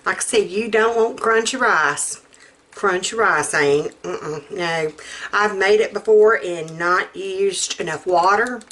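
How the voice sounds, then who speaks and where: A woman's voice: mid-range voice, slow pace, a bit bright. A middle-aged woman, chatting in a folksy, rambling way while showing a recipe in her home kitchen. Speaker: home cook host. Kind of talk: casual cooking demonstration.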